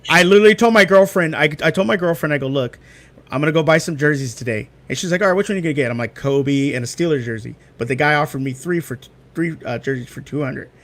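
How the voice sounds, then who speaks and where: Lively young man telling stories. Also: a little high, fast talker, hardly any pauses. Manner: animated storyteller, acts out quotes. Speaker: guest. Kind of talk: casual chat.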